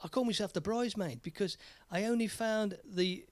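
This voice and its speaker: A man's voice: high-pitched, normal speed, dry recording. Chatty English man hosting a live stream. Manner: chatty, rambling, jokey. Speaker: live stream host and singer. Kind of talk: casual live stream chat.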